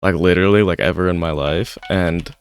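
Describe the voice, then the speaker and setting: Low smooth-voiced young man rambling. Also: fairly even intonation, a little fast. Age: young adult. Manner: rambling, heavy use of "like". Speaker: gaming YouTuber. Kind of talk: casual gameplay commentary. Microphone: desk microphone.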